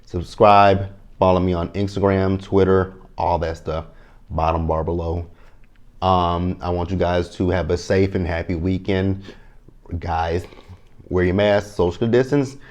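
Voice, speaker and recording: Low-voiced man with blunt vlog chatter. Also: darkish tone. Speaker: TV reality show reviewer. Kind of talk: casual commentary to camera.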